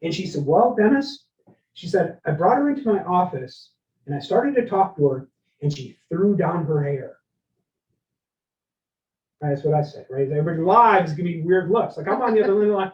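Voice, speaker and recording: A middle-aged man giving a lively live leadership workshop talk, telling stories and checking in with the audience. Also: high-pitched, brisk. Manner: energetic, storytelling, keeps asking the audience "right?". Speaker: keynote speaker. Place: event room with live and online audience. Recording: roomy, distant, dull lo-fi sound.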